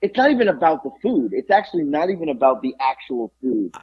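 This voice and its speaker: A husky-voiced man tells a story on a casual podcast, acting out every part of the exchange. His pitch jumps around a lot as he plays each character. The sound is dry and a little dull. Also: quick pace, dry recording. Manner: animated storyteller acting out both sides of a conversation. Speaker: podcast co-host.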